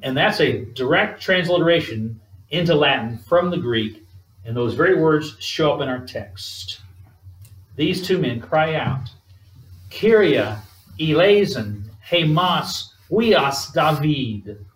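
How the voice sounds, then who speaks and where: A man's voice: fairly high pitch, lively intonation, fairly bright tone. Distant echoing male preacher. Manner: measured, emphatic preaching with call-and-response. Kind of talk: sermon. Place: church sanctuary. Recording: echoey room, distant mic.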